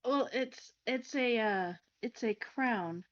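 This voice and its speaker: A woman playing a tabletop game who gives slow, hesitant replies. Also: a little high, lo-fi sound. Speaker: player.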